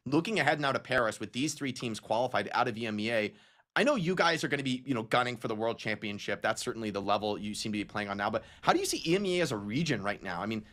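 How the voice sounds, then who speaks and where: A man analyzing esports plays on a broadcast desk, talking through replays with excitement. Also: mid-range voice, quick pace.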